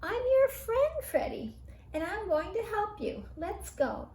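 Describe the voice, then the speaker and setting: An excitable little boy mouse from a storybook squeaks his lines high and bright, his voice leaping up and down, as a woman reading aloud puts him on. Every word comes out slow and eager. The sound carries a roomy echo. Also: slight background noise, heavily acted.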